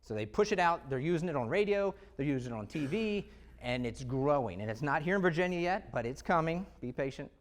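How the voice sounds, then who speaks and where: A man giving an energetic, conversational presentation to real estate agents, full of rhetorical questions. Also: on the high side, fairly quick, slight background noise. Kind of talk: live sales presentation.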